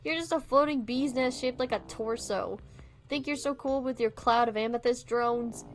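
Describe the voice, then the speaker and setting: A woman's voice: sits high, expressive, measured pace, gravelly, a bit bright, slight background noise, voice pushed up, exaggerated voice, rough recording. A woman voicing a small, foul-mouthed swamp queen who whines and snaps about her oversized throne. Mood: snappy. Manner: whiny, swearing complaints.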